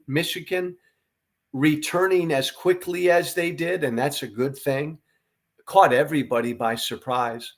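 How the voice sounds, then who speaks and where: A middle-aged man delivers a political commentary monologue at a slow, deliberate pace, his voice tired after a night without sleep. He speaks earnestly and emphatically, blunt enough to throw in the odd swear word. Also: a little high. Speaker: podcast host.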